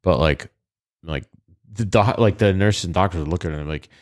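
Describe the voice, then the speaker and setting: A man's voice: low voice, fairly quick, dry recording, clean studio sound. A man chatting casually on a podcast, rambling with lots of fillers. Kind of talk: casual chat.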